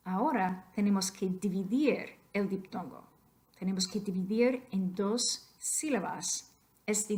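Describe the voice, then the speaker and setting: A woman's voice: mid-range voice, a little mellow. A woman teacher narrating a slideshow lesson in a playful, emphatic way, moving back and forth between English and Spanish. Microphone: voice-over on a computer mic.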